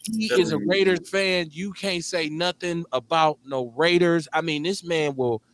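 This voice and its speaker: A middle-aged man from Milwaukee, hosting a casual radio talk show in an animated, profane way, laughing often. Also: fairly high pitch, a little slow. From Milwaukee, Wisconsin. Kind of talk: casual chat.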